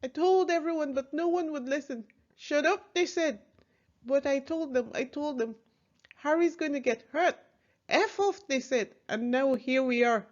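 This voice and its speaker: A woman playing a panicky male bodyguard with an Irish accent. He wails frantically about being ignored, his voice pitched high and strained. The recording is dull and lo-fi. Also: a little slow. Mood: panicked wailing. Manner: wailing, frantic complaining.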